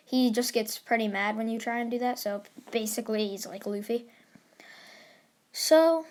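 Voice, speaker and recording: A woman telling a made-up story in a casual, rambling way, filling her sentences with "like" and "basically" and mixing quick bursts of words with slow pauses. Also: a little high, darkish tone. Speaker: anime fan storyteller.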